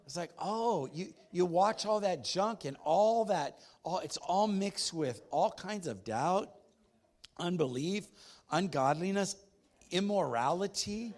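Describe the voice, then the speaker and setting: A man preaching as a pastor in a church, rambling and chatty with many restarts, moving from hushed storytelling to loud exhortation. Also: high-pitched. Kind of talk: sermon.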